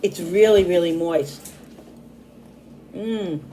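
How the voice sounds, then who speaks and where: A woman's voice: on the low side, slow, crowd noise, poor audio. A woman in her fifties hosting a casual home cooking vlog from her kitchen, chatty and bubbly, laughing often. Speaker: cooking channel host.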